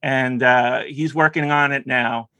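A man talking on a radio show in a soft, halting way, pausing often between thoughts. His voice sits at a middling pitch. The sound is dry and close. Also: steady tone, dry recording. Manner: halting and soft-spoken, with hesitations. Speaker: caller. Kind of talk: casual radio chat.

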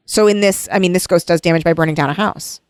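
A woman in casual conversation retelling a novel's plot, now and then reading passages aloud in a soft voice. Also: fairly low pitch, fast, smooth, no echo, studio quality. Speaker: book discussion co-host. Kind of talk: casual chat.

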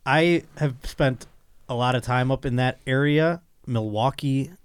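A man's voice: mid-range voice, unhurried, smooth, dry recording. A man from Buffalo, New York, hosting a podcast in a loose, bantering chat. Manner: laughs easily, banters. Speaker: podcast host.

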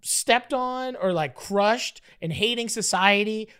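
A man telling a story as a guest in casual conversation, animated and profane, with lots of "like" fillers. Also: high voice, takes it slowly, clear, resonant tone.

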